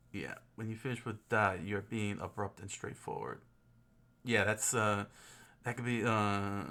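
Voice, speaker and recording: A man's voice: on the low side, pushed and bright. A man hosting a casual study stream, thinking aloud as he sounds out phrases and chuckles often. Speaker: host studying Japanese.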